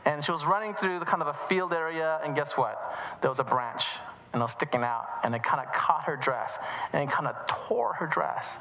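A man tells a children's story at church and acts out the voices as he goes. He talks in an animated way and often restarts his sentences. His voice is bright and forceful, with a long reverb from the hall. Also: on the high side, a little fast.

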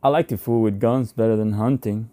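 A man's voice: on the low side, fairly even intonation, fairly quick, dark tone, dry recording, close to an everyday voice. A man reading aloud and voicing a friendly, self-assured male neighbor who speaks in an easygoing, amused, chatty way, in a dry close recording.

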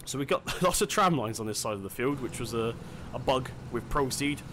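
A man's voice: medium pitch, expressive, brisk, a bit bright, a little hiss or hum. A man giving casual let's-play commentary, chatty and self-deprecating, thinking aloud as he plays. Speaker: gaming channel host.

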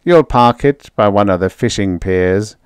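A man's voice: fairly low pitch, unhurried, clean tone, no echo, natural voice. A man doing a lisping, dreamy assistant. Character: dreamy, slow young male technician assistant.

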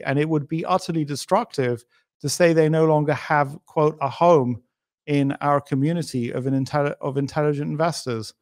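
A man's voice: on the high side, fairly even intonation, moderate pace. A middle-aged man as a podcast guest, talking in a thoughtful, emphatic way and building his points with hypotheticals. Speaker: interview guest.

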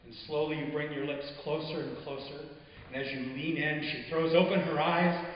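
A man reads his short fiction to a live audience, his voice sitting a little high for a man. He tells it in a measured, intimate way and often lets it fall soft. The sound rings with a long echo through a big hall and comes across dull and muffled. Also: level tone, slight background noise. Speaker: author reading his own stories. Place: arts venue stage, before an audience.

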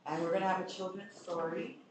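A woman's voice: fairly low pitch, fairly even intonation, quick pace, a little hiss or hum. Distant woman announcing in an echoey church.

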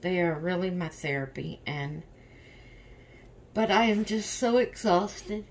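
A woman's voice: on the low side, lively intonation, slow, a little hiss or hum. A woman hosting a doll vlog in casual chat, tired and yawning, rambling openly about her stress. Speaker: reborn doll channel host.

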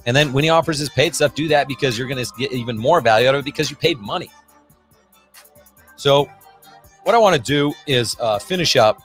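A middle-aged man hosting a podcast, talking casually in an upbeat, salesy pep-talk manner, with lots of fillers. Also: medium pitch. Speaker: podcast host. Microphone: podcast microphone.

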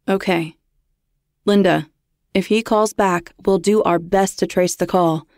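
A calm male police dispatcher, as a woman reads him, slow and official. The voice sits low for a woman and the recording is dry and close. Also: dry recording. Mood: reassuring. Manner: steady, reassuring, official.

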